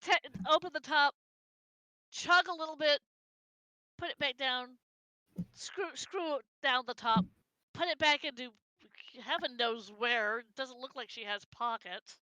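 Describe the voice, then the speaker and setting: A high, bright woman's voice leads a tabletop game as game master. She talks slowly and haltingly, restarting her phrases as she narrates. The sound is dry and close. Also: no echo. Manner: hesitant, restarts often while describing.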